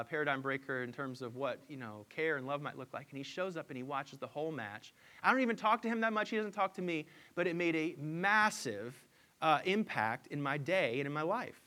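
A man in his forties preaching a sermon, telling a personal story and building to loud, emphatic peaks. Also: a little high. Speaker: pastor.

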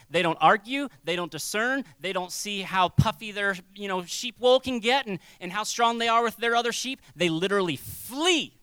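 A man preaching a sermon as a pastor, conversational and animated, acting out little quoted voices. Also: very high-pitched, clean tone, dry recording.

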